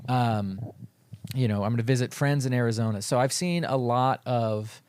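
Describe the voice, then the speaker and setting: A man co-hosting a podcast, chatting casually with deadpan humor. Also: mid-range voice, moderate pace, clean tone, dry recording. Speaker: podcast co-host. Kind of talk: casual chat.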